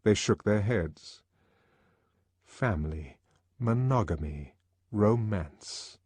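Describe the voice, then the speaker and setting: A man narrating an audiobook with an expressive, varied delivery. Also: lowish voice, slow, slightly rough, no room sound. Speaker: audiobook reader.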